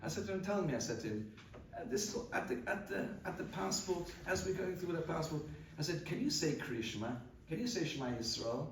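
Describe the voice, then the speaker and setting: A rabbi gives an earnest eulogy sermon, telling stories and repeating words as he gathers his thoughts. His voice sits a bit high for a man and is picked up from across a large, echoing study hall, with a faint hiss underneath. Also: expressive, a little fast. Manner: earnest, storytelling, repeats words when searching for the next phrase. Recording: roomy hall audio from a distance, faint noise.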